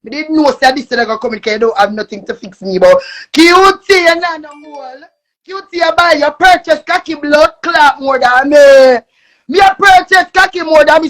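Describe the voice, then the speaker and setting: A young Jamaican woman with a high voice. She rants on a live stream, cursing and repeating herself, and often breaks into shouting. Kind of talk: angry live-stream rant.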